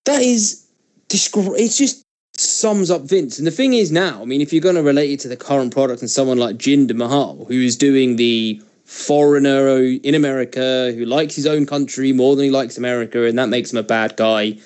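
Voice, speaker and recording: Opinionated male podcast co-host, mellow voice. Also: medium pitch, moderate pace. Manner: opinionated, swears casually. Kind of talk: casual podcast discussion.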